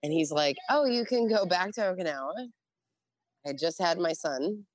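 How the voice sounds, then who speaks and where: A woman's voice: on the low side, moderate pace, no echo. A middle-aged woman, a Navy veteran guest, telling blunt, profane stories in a casual interview and acting out what others said. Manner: profane, blunt, animated with quoted voices. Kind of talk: casual storytelling.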